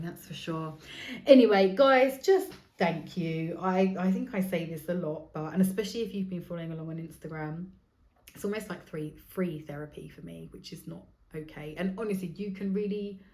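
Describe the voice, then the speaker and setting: With a deep, darkish voice and reverberant sound, a forty-something woman talks alone on her own podcast. She's frank and meandering, and the swearing is frequent.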